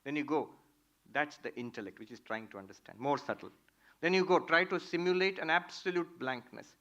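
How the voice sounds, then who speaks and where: A man, a monk giving a spiritual talk, telling stories in a lively, playful way. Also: fairly high pitch, fairly quick, dull audio. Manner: animated, playful storyteller. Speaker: monk teaching Vedanta.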